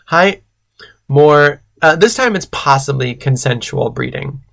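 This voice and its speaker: A man, a drag queen host, reading fan fiction aloud and breaking off for sarcastic, deadpan commentary. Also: fairly high pitch, slow. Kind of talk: comedic read-aloud with commentary.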